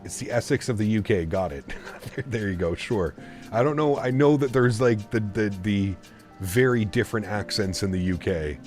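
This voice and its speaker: A low-voiced man chats loosely on a live stream, drifting between topics and reading viewer messages out loud. Soft music plays faintly behind him. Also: moderate pace. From Canada. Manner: rambling, reads chat messages aloud. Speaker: flight sim streamer. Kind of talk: casual live-stream chat.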